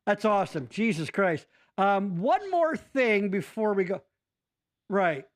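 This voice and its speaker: A podcast host with a high-pitched voice talks at a measured pace. The conversation is casual, and he swears freely and rambles animatedly, jumping between ideas.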